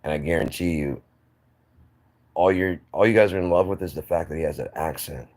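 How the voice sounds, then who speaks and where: An American man hosts his own channel, delivering a casual monologue to camera full of rambling, opinionated takes and frequent restarts. His voice sits low with a darkish tone, and he talks a little fast.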